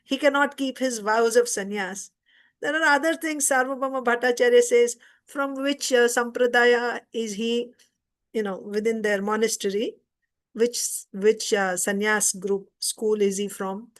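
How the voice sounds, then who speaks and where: A woman's voice: on the high side, steady tone, unhurried. A woman teaching an informal scripture class, retelling a story conversationally and stopping to explain.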